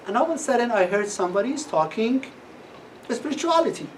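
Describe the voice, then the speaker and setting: Man, middle-aged, lively storyteller, voices the people he quotes, heard from across the room. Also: sits high, a little fast, crowd noise. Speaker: guest speaker at a class. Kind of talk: personal testimony talk. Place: classroom. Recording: distant mic with faint room noise.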